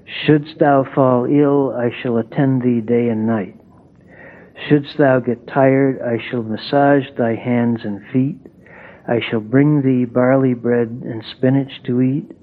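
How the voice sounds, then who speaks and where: A devoted young shepherd boy, read by a man speaks slowly and tenderly, pleading in plain loving words. The voice sits mid-range and sounds thin and tinny, as if heard down a phone line. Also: medium pitch.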